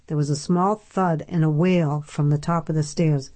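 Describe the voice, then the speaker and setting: A woman narrating a novel in a steady, measured storytelling voice. Her voice sits on the lower side, and the recording is close and completely dry, with no room at all. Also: no room sound. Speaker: audiobook narrator. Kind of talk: scripted narration.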